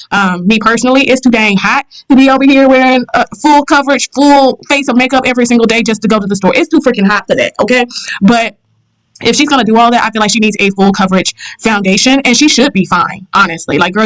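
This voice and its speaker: A woman's voice: a little high, fairly bright tone, poor audio. A woman from the American South with a Southern accent, giving blunt, sassy reaction commentary as the host of her channel. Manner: blunt, sassy, repeats herself for emphasis.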